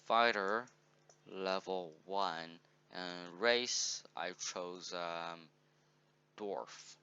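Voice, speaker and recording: A man with a lowish voice talks through a game walkthrough in a meandering, upbeat way, often correcting himself. His tone is bright and forceful, with a crisp, smooth clarity. The recording sounds dull and lo-fi. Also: drawn-out words. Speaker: game tutorial presenter. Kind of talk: casual walkthrough, thinking aloud.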